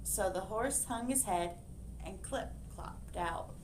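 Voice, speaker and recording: A woman librarian reading a picture book aloud to children, expressive and animated, pointing out the pictures. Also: mid-range voice, slow pace, a little hiss or hum.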